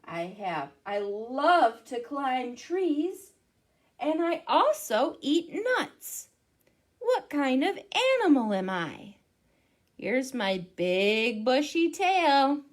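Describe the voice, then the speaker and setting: A woman's voice: sits high, big pitch swings, very slow, exaggerated voice. A woman voicing a squirrel who loves climbing trees and eating nuts, teasing listeners with a riddle. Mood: playful.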